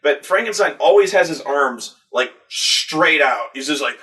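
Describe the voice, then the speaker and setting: A man in casual chat, excitable and profane, recapping a film with stammering restarts and acted-out grunts. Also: fairly high pitch, measured pace. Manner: excitable, acts out scenes with loud grunts and shouts. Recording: voice from a distance from the mic.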